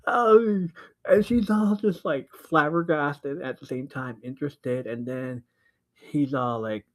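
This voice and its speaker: A man hosting a podcast, casually recapping a book, excitable and laughing often, swearing freely. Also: mid-range voice, normal speed, poor audio. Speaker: podcast host.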